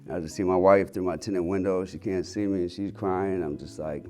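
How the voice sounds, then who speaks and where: A man's voice: low-pitched, fairly even intonation, a little fast, warm tone. A man in his thirties, a health center owner, candidly telling his personal story in a rambling way, with lots of fillers and casual swearing.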